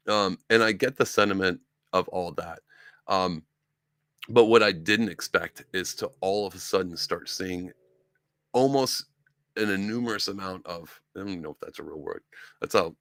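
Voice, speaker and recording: A man's voice: low voice, moderate pace, fairly bright tone, no room sound, studio quality. A young man from upstate New York who hosts a podcast and rambles through casual political commentary, often mocking other people in put-on voices. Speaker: podcast host.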